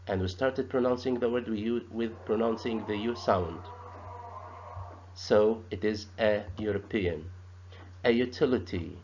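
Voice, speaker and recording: Slow, halting male teacher. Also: lowish voice, darkish tone. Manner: slow, halting, repeats sounds and words. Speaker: English teacher. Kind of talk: grammar lesson. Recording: dull lo-fi sound.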